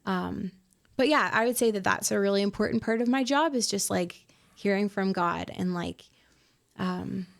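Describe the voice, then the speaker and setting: A woman in her twenties, a worship pastor being interviewed on a podcast, talking in a reflective, soft-spoken way with many fillers. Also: mid-range voice, normal speed, gravelly. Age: 20s.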